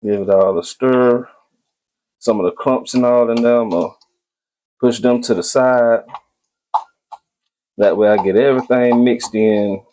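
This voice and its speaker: A man's voice: fairly low pitch, mellow. A man hosting a casual cooking video, talking to viewers as he cooks and often repeating his phrases.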